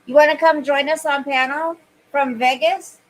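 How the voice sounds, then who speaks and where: A livestream host with a high-pitched voice speaks at normal speed in a steady tone, captured on a rough recording. Overheated and sweaty, she chats casually, reading viewer comments aloud and answering them.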